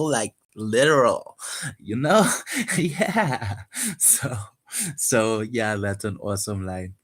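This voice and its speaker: A man talking casually and hesitantly about his own poem, full of fillers and restarts. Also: lowish voice. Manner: soft-spoken, wistful, guarded. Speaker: poet vlogger. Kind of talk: casual reflective monologue.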